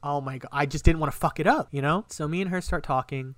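A man's voice: a little high, fast talker, no echo. A young man casually telling a long story on a podcast, rambling and swearing a lot. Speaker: podcast co-host.

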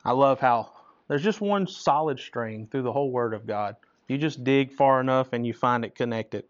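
A man's voice: mid-range voice, normal speed. A man leading a Bible study in a conversational teaching style, often checking in with listeners by asking "right?" after his points. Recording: dull lo-fi recording.

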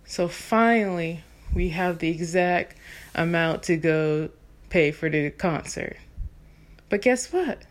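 A woman in her thirties from Texas tells a story straight to her viewers. Her speaking voice sits a little low for a woman even though she sings soprano. She talks in an animated, chatty way and fills the gaps with casual fillers. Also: slow. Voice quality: soprano singer. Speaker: vlogger.

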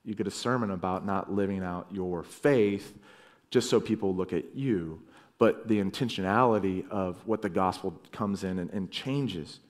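A man preaching a sermon as pastor, earnest, rising to loud emphasis and dropping to quiet low lines. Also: normal speed.

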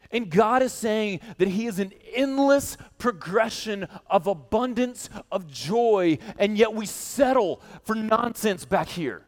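A man preaching a sermon to a congregation, telling a story with lively energy and addressing his listeners directly. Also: high voice, a little slow, few pauses, long reverb tail. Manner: animated storytelling, speaking straight to the congregation. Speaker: pastor. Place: church hall.

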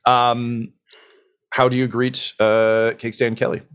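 A man's voice: mid-range voice, level tone, slow, a bit bright, smooth. A man narrating a tabletop game as dungeon master, rambling with many fillers.

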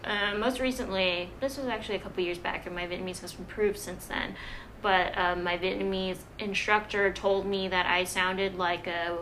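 Bright-voiced young woman telling stories. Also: medium pitch, normal speed, a little hiss or hum. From Hawaii. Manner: animated, self-deprecating storyteller with frequent "um" and "like". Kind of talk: casual chat.

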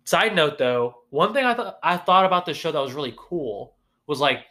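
A man co-hosting a podcast in casual chat, lively, breaking into raised voices when he quotes characters. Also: fairly high pitch, normal speed. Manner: animated, acts out quotes in a raised voice. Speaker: podcast co-host.

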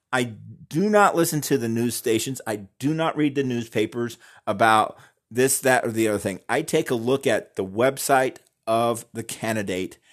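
An earnest man in a mid-pitched voice, talking straight to his listeners with firm emphasis. He slows down and leans on the words that matter, as in a personal opinion talk. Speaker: Christian commentator on voting. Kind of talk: direct-to-camera opinion talk.

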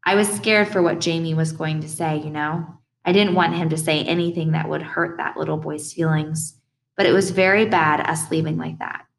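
A woman reading an audiobook voices a stern, devout babysitter who scolds slowly and calls on the Lord. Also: low-pitched, steady tone, creaky. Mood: scolding. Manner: slow, scolding, talks of the Lord.

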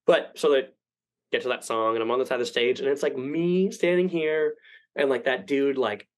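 A man's voice: mid-range voice, moderate pace, rough recording. A young man telling a long rambling story on a podcast, swearing often and acting out what people said. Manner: rambling, profane, animated quoting. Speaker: podcast guest. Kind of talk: casual storytelling.

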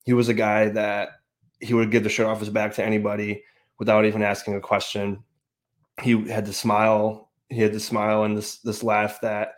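A grieving man hosting a sports fan show, talking in a subdued, halting way with many restarts. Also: fairly low pitch, completely flat delivery. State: grieving, emotional. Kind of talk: casual sports podcast talk.

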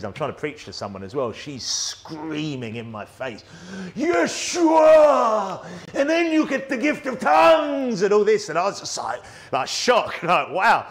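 Speaking into a plugged-in microphone, a man with a British accent gives a conversational church sermon, repeatedly restarting and using tag questions. His voice is medium in pitch and a bit bright.

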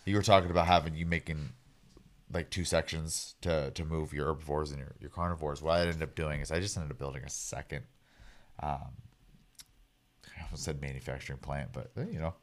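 Very deep-voiced, laid-back man. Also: steady tone, a little fast. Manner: laid-back, hesitant, with fillers and dry jokes. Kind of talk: casual chat.

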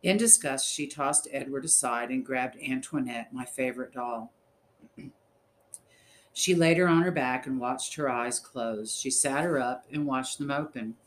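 A man narrating a story in the first person, reading in a measured, steady way. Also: medium pitch, a little hiss or hum, low-quality recording. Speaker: audiobook narrator.

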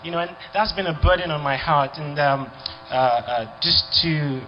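A man's voice: fairly high pitch, moderate pace, a little hiss or hum. A young man, giving an earnest, heartfelt testimony to a church conference. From Nigeria. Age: young adult. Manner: earnest, heartfelt, building in intensity. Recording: lo-fi video with music behind.

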